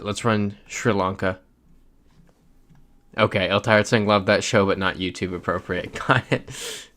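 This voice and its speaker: A man hosting a casual livestream, chatting loosely and reading viewer messages aloud as he plays. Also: lowish voice. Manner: chatty, reads chat messages aloud while playing. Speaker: livestream host. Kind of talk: casual live-stream chat.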